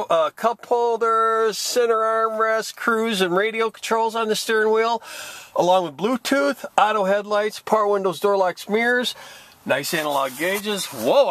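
Midwestern salesman, high-pitched and upbeat, rattling off features outdoors with faint noise behind. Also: fairly bright tone. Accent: Midwestern American. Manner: fast upbeat sales patter. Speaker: car salesman. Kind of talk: car walkaround pitch. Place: outdoors at a car lot.

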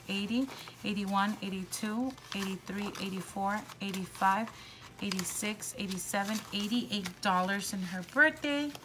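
A woman's voice: mid-range voice, noisy background. Chatty woman counting cash aloud. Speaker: budgeting vlogger. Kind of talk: casual voice-over while counting cash.

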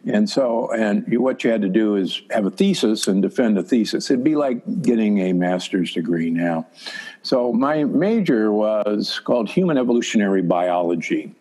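A man's voice: medium pitch, mellow. An older man, a doctor who is a guest on a podcast, telling a story in a wry, anecdotal way. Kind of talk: interview storytelling.

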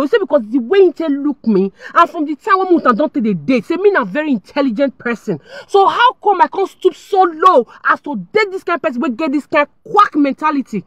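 Nigerian lady vlogging her story, high voice, super expressive, dry close sound. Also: fast, few pauses, no room sound. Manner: dramatic, emphatic, addresses viewers directly. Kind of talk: animated storytelling to viewers.

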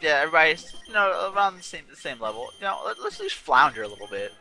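A man's voice: on the high side, sing-song, fast talker, gravelly, pushed and bright. A man hosting a casual let's play, chatting and correcting himself as he plays, a bit tired and yawning. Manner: rambling, self-correcting, chatty. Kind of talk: casual gameplay commentary. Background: game music.

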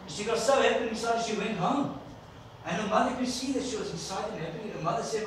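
A man with a high-sitting voice preaches a brisk sermon, recorded from far off in an echoey church hall with a little hiss or hum. He tells stories and asks the congregation questions.

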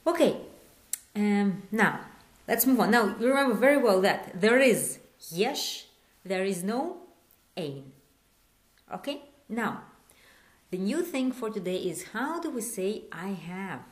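A woman's voice: medium pitch, animated. Woman teaching hebrew, voice swings up and down a lot, patient and repeats stuff. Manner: patient, repeats words slowly and asks the learner questions. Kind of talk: online language lesson.

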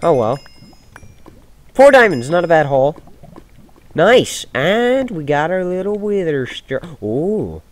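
A man giving casual commentary over his own game, jumping from loud excited shouts to low mumbled asides. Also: slow, pauses often. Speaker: gaming video host. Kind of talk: casual let's-play commentary. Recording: noisy home gaming recording.

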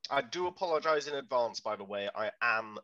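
Bright-voiced man as game master. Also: medium pitch, animated, fairly quick, lo-fi sound. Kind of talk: tabletop game stream chat.

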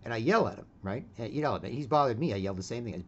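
A man's voice: medium pitch, animated, fast talker, breathy edge, lo-fi sound. A man giving a casual opinion monologue, rambling with many restarts and constantly tagging his sentences with "right?". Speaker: vlogger.

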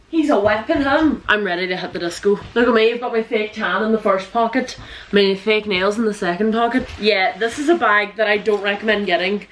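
A teenage Irish girl from Donegal talks straight to camera in a chatty, jokey way, quick to laugh. Her voice sits in a middle pitch, and the bedroom around her gives it a noticeable echo. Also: a bit bright, slight background noise. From Ireland. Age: teens. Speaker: vlogger. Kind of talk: casual chat to camera.

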